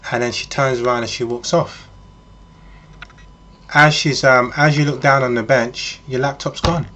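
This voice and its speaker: Man, casual monologue, rambling, many ums, mid pitch, dull lo-fi sound. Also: steady tone, moderate pace, sharp tone. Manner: addresses the listener as "you", rambling, with frequent ums. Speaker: vlogger.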